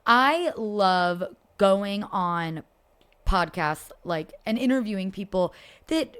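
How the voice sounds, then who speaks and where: A young woman from Philadelphia chatting as a podcast guest, animated, cursing freely and laughing often. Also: medium pitch, slow pace, clear, resonant tone. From Philadelphia, USA. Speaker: podcast guest, content creator. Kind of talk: casual chat.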